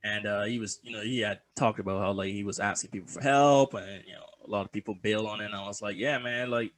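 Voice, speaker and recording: A man's voice: fairly low pitch, quick pace, a bit bright. A young man co-hosting a podcast in casual chat, joking loosely, swearing freely and laughing often. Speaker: podcast co-host.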